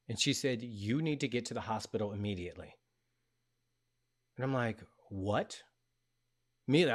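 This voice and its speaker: A middle-aged man hosting a talk show, retelling a personal story in a casual, animated way and acting out the dialogue. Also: on the low side. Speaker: podcast host.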